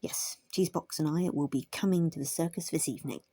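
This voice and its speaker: A woman voicing a cheerful, chatty male terrier blacksmith in a storybook reading, brisk and merry. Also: low voice, fairly even intonation, mellow, breathy edge, no echo.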